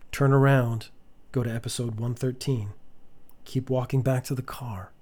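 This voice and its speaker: A man tells a comic choose-your-own-path story in a dry, mock-solemn tone. His voice is husky, sitting at an ordinary male pitch. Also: steady tone, normal speed, a little mellow. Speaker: podcast storyteller.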